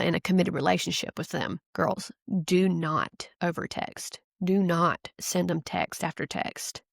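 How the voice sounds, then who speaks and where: A woman hosting her own podcast, chatting casually and reading out a listener's story, giggling easily and talking in an animated, lively way. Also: lowish voice, gravelly, no echo, clean studio sound. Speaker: podcast host. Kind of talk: casual solo podcast chat.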